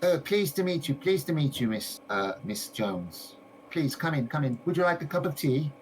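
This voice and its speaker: A man's voice: big pitch swings, normal speed, slight background noise, low-quality recording. A man doing a gushing, nosy village shopkeeper lady. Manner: chattering, repeats words, falsetto. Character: fussy middle-aged village shopkeeper woman, nosy and gushing.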